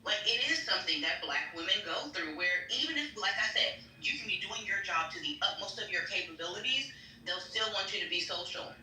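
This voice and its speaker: A woman telling stories in a casual chat, blunt and quick to swear. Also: mid-range voice, expressive, bright, forceful tone, slight background noise. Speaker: guest. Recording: roomy and distant.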